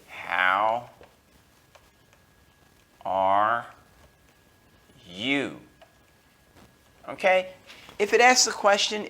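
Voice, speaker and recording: Bright-voiced American man teaching grammar. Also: a little high. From United States. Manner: repetitive, fills with okay and all right; slows down to stress key terms. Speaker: English teacher. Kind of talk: grammar lesson at a whiteboard.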